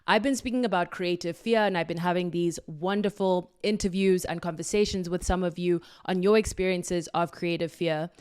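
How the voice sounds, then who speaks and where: A woman's voice: lowish voice, steady tone, normal speed, hardly any pauses, darkish tone, clear, resonant tone. Effusive woman hosting a solo podcast. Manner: effusive, affirming, playful. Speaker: podcast host.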